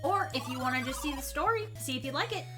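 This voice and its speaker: A woman's voice: high voice, expressive, fast talker, a bit bright, soft background music. A woman streamer chatting upbeat and giggly while introducing a video game to viewers. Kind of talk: casual stream chat.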